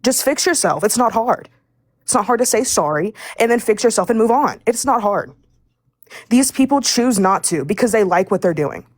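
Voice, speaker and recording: A woman's voice: fairly high pitch, animated, normal speed, no room sound. A young woman speaking in a live audio room, angry and indignant, stumbling over her words as she rants. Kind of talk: heated live call-in rant.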